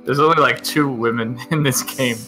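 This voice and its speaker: A man's voice: medium pitch, moderate pace, pushed and bright, soft background music. A man chatting casually on a game stream, trailing off mid-sentence.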